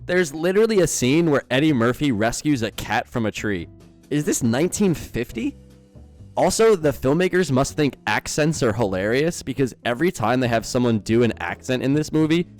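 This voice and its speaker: A man's voice: mid-range voice, sing-song, brisk, few pauses, faint music behind. A young man giving a sarcastic, incredulous film review in scripted commentary.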